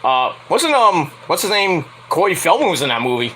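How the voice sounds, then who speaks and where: A young man talks through a wrestling show in a loose, rambling review, laughing and slipping into shrill impressions. His voice sits a little high and swings lively, with a bright, sharp edge. A faint hiss of noise runs under it. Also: moderate pace, poor audio. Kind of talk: casual solo review vlog.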